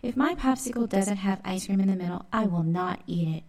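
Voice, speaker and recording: A woman's voice: medium pitch, fairly quick, darkish tone, natural voice. A woman reading the lines of an eager, slightly whiny young girl kitten in a storybook. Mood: upset. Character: excitable young girl kitten, dessert-obsessed.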